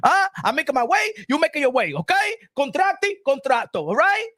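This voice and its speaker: A man's voice: extremely high pitch, sing-song, a little fast, pushed and bright, dry recording, studio quality, voice pushed up, heavily acted. A man imitating an indignant Latino male boxer who refuses to fight, speaking emphatic broken English with a Spanish accent.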